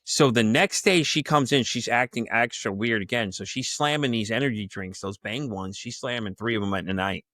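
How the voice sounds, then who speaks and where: A man's voice: mid-range voice, moderate pace, few pauses, no echo, clean studio sound. A man telling a wild workplace story on a podcast, swearing freely and acting out the people in it with sudden jumps in voice. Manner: animated, profane, acts out the people in his story; laughs often. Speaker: podcast guest. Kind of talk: casual storytelling.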